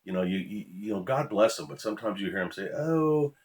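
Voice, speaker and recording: A man's voice: low-pitched, fairly even intonation, fast talker. A man, a former officer ranting bluntly and profanely to his viewers. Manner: blunt, profane, preachy warnings. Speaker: former law enforcement officer, channel host. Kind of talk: ranting monologue to camera.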